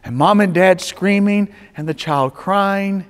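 A male pastor preaching a sermon, telling stories with dramatic swings between loud urging and hushed tones. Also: sits high, takes it slowly. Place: church sanctuary. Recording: long reverb of a church sanctuary.

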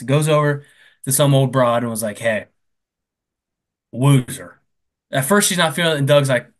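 A man casually retelling a film plot on a comedy podcast, acting out the characters' lines with quick asides. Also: mid-range voice. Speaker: podcast co-host. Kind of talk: casual comedic movie recap.

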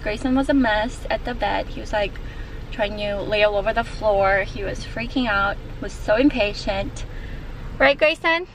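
A young stay-at-home mom vlogs with a fairly high, slightly bright voice over a little background noise. She chats casually to the camera and coaxes her toddler in a sing-song tone.

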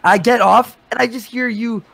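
A man in his thirties arguing heatedly on a live stream, agitated and swearing, talking in quick bursts full of restarts. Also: very high voice, steady tone, vocal fry, dry recording. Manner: agitated, swearing, rapid shifts in loudness.

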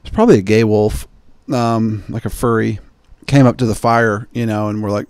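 A man hosting a podcast, telling jokey, digressive stories and slipping into quick impressions of the people he quotes. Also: fairly low pitch, steady tone, a little mellow, smooth, dry recording, clean studio sound. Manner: digressive, joking, mimics people in quoted asides. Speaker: podcast host. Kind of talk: rambling comedic podcast chat.

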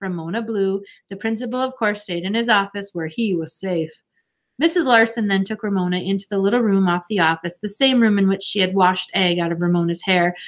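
A woman's voice: medium pitch, a little fast. Woman reading a children's novel aloud. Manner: expressive, gentle storytelling. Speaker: audiobook narrator.

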